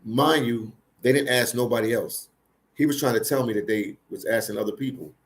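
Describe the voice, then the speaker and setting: A man's voice: mid-range voice, brisk, a little hiss or hum. A man hosting a livestream, telling stories casually, repeating phrases and speaking with emphasis. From Philadelphia, United States. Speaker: livestream host. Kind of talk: casual live storytelling.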